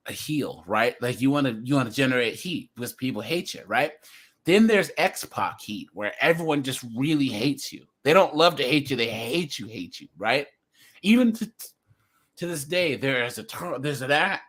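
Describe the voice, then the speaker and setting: A man's voice: mid-range voice, fairly bright tone, breathy edge. A man in a casual livestream chat, talking in an emphatic, rambling way and often checking in with "right?".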